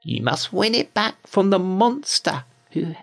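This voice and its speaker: An older man voicing a mysterious old female fairy in a storybook, raising his voice high and speaking with urgency. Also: very animated, a little slow, vocal fry, a bit bright, full character voice. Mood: urgent.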